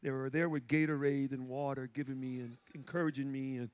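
A male pastor from Chicago with a Chicago accent, preaching and telling stories, going from loud shouts to hushed quiet. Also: medium pitch, flat delivery, fairly quick. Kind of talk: sermon. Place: church sanctuary.

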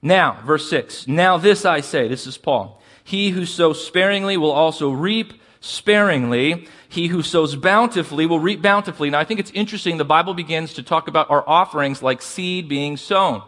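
A man preaching a sermon as pastor, asking the congregation for responses and slowing down to stress key words. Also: on the high side, fairly bright tone.

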